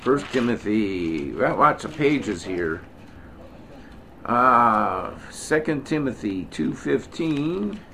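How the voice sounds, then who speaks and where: Middle-aged male Bible teacher, casual and digressive, mid-pitched voice, stresses the scripture he reads. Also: big pitch swings, slow, sharp tone, slight background noise. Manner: digressive, self-correcting, joking asides; reads scripture aloud with emphasis. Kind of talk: informal Bible study teaching.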